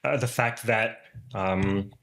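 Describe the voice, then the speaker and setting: A man's voice: fairly low pitch, slow, vocal fry, fairly bright tone. A man in casual group conversation, reflecting and explaining ideas step by step.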